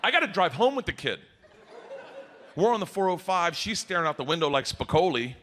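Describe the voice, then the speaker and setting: Rich: A middle-aged man telling a stand-up story on stage, his voice high and bouncing all over. He swears freely and sounds exasperated, with clear audience noise from the live room. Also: very animated, fairly quick, fairly bright tone. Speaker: stand-up comedian.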